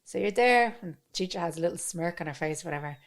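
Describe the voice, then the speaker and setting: A woman's voice: lowish voice, fast. Sweary Irish woman telling stories. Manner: sweary, animated storytelling. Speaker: podcast co-host. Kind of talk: casual chat.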